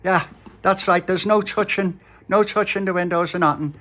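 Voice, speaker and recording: A man's voice: sits high, steady tone, moderate pace, pushed and bright, voice pushed up. Fields: Figure: bossy boy toy voiced by a man. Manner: bossy, insistent. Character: bossy boy toy who makes up strict rules.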